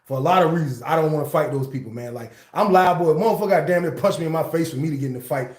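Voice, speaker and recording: A man hosts a casual storytime livestream, talking in loose, slangy bursts. His voice sits a bit high. The sound carries a roomy echo. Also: rapid-fire. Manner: loose, slangy, animated retelling.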